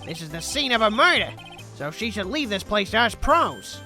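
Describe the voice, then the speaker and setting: A man's voice: high voice, very animated, moderate pace, sharp tone, soft background music, heavily acted. A man voicing a clumsy male police detective who blusters and turns sheepish. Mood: blustering.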